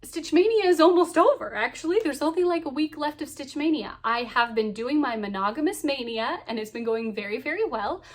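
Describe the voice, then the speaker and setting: A woman's voice: sits high, lively intonation, fairly quick, hardly any pauses. A woman in her thirties chatting casually to camera about her cross stitch, cheerful and full of ums and laughs. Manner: chatty, lots of ums and so yeahs.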